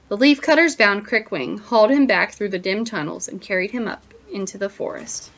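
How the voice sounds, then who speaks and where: A woman teacher reading a picture book aloud, pausing to wonder aloud to her listeners, on a dull lo-fi recording. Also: medium pitch, fairly bright tone.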